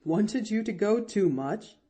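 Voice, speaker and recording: A woman voicing a grave, kindly male country doctor who speaks gently in a storybook reading. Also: medium pitch, animated, measured pace, husky. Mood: gentle.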